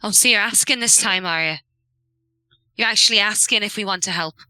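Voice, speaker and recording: A woman's voice: a little high, brisk, sharp tone, no room sound, low-quality recording. A woman voicing a distrustful young adventurer in a tabletop game, blunt and resentful.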